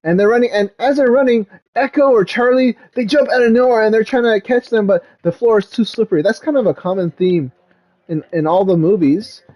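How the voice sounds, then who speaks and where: Rambling dad retelling a movie. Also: male voice, sits high, a little fast, a little mellow. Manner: rambling, full of "like" and "um". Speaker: dad vlogger.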